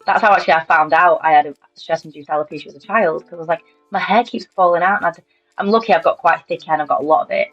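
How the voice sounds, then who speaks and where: A woman's voice: low voice, rapid-fire. A British woman in her thirties, speaking candidly and conversationally as an interview guest recounting her own story. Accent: British English. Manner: candid, conversational, quiet and matter-of-fact. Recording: slightly dull lo-fi audio, faint music behind.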